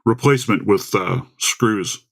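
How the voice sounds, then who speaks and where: A man's voice: on the low side, a little slow, vocal fry. A man hosting a casual livestream from home into a desktop microphone, rambling and chatty as he greets viewers by name. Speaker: livestream host. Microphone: desktop USB microphone.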